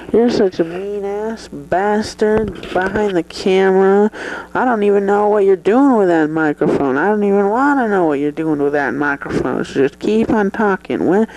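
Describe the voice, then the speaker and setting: A performer playing a foul-mouthed male movie star with a high voice who swears constantly and keeps saying "man". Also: lively intonation, moderate pace, a little mellow, natural voice, rough recording. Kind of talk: improvised comedy sketch interview.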